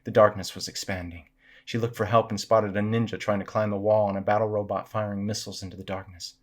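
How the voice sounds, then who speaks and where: A man reading spooky stories aloud in a measured, dramatic way. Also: fairly low pitch, level tone. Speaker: storyteller.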